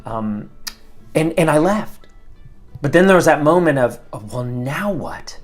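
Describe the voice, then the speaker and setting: A man's voice: fairly high pitch, animated, measured pace, soft background music. A middle-aged man, a former attorney, talking earnestly about leaving his career, with many repeated words and restarts. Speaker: host, former attorney giving career advice. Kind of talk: casual advice talk.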